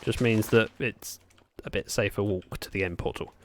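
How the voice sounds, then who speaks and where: A man's voice: lowish voice, moderate pace, slight background noise. A man chatting casually on a game livestream at home, rambling and reacting to his viewers. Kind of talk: casual gaming livestream chat. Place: room at home by a window.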